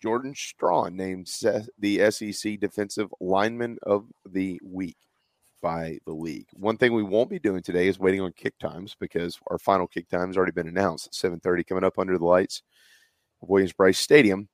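A man's voice: low voice, steady tone, fairly quick, no echo. A man with a Southern US accent hosting a casual sports podcast, leading the talk and handing off to his co-hosts. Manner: conversational, hands off to co-hosts. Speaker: podcast host.

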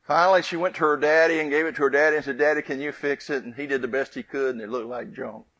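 A man preaching a sermon, telling a family story with lively rises and soft, hushed endings. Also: medium pitch, quick pace, dry recording.

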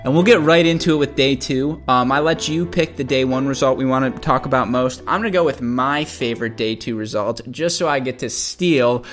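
A man's voice: medium pitch, brisk, hardly any pauses, a bit bright, faint music behind. A young man co-hosting a casual chat, joking, teasing and laughing often. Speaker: podcast co-host.

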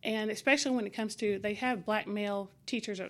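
A woman teacher as an interview guest, telling stories in a lively conversational way and acting out the exchanges she describes. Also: mid-range voice, a little fast. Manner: animated, acts out quoted exchanges. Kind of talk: conversational storytelling.

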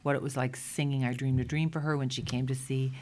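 A middle-aged woman with a Brooklyn accent, telling lively stories as a guest in a casual interview. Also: very deep voice. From Brooklyn, New York. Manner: chatty, animated anecdotes with quick restarts. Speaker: guest, Broadway performer.

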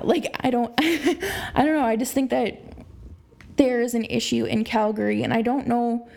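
A young woman with a higher-pitched but mellow, warm voice hosts a solo sports commentary podcast. She talks in an animated, conversational way, leaning on fillers and restarting her sentences as she goes. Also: vocal fry. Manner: animated, frequent "like" and "you know" fillers. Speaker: podcast host.

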